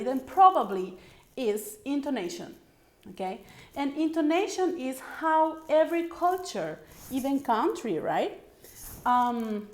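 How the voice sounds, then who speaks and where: A slow-speaking woman with a fairly high voice coaches English intonation. She explains patiently and models example sentences aloud. The room gives her voice a noticeable echo. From Paraguay. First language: Spanish. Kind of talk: online language lesson.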